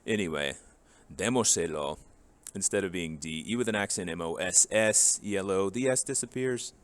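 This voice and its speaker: A man with a very low, deep voice runs a grammar lesson. His delivery is casual and joking, and he walks through forms one at a time. The tone stays relaxed and explanatory throughout. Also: normal speed. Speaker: Spanish teacher.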